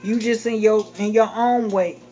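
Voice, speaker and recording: A woman's voice: medium pitch, steady tone, moderate pace, warm tone, a little hiss or hum. Woman, livestream host, blunt, heated, casual chat. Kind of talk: casual venting chat to viewers.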